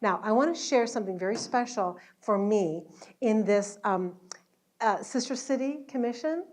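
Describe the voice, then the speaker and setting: A woman's voice: fairly high pitch, expressive, moderate pace. A woman, an educational entertainer, chatting and telling stories to an audience at an event after her show. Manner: chatty, warm storytelling with laughs. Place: event hall at a luncheon.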